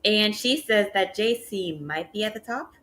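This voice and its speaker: A woman co-hosting a casual wrestling review show, recapping segments in a steady, matter-of-fact way. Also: mid-range voice, moderate pace, low-quality recording. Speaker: podcast co-host.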